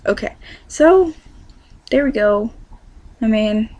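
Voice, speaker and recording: A woman's voice: a little high, expressive, takes it slowly, darkish tone, dry recording. A chatty young woman with a Californian accent talks casually to camera, wandering from thought to thought and correcting herself as she goes. She is a vlogger in her teens, recording in her bedroom with a dry, close sound. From California, USA. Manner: chatty and rambling, many fillers and self-corrections.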